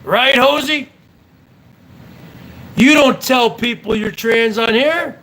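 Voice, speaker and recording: A man's voice: extremely high pitch, slow, long pauses, sharp tone, low-quality recording. A man hosting a livestream, delivering an angry, profane and sarcastic rant at another streamer. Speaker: host. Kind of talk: ranting livestream commentary.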